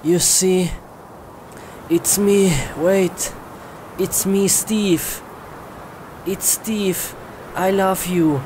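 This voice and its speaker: A man's voice: sits high, steady tone, extremely slow, long pauses, a little mellow, a little hiss or hum, voice pushed up. A man playing a timid young man, fearful and pleading, in broken English.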